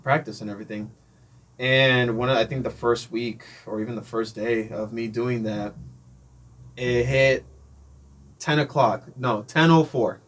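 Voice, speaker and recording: A man being interviewed, telling a casual story, animated and acting out the voices of people he met, often laughing. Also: medium pitch, measured pace. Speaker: interview guest, drummer.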